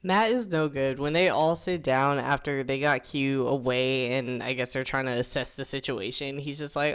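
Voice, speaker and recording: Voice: medium pitch, fairly bright tone, clean tone. A host giving a casual, chatty recap of a series episode, exasperated at the characters and swearing freely, with lots of "like" fillers. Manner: acts out characters' lines in quick quoted asides.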